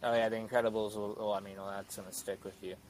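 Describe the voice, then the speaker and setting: A man's voice: fairly low pitch, level tone, quick pace, crowd noise, poor audio. A man in his twenties, a guest actor, chatting casually on a podcast, rambling with many fillers and restarts.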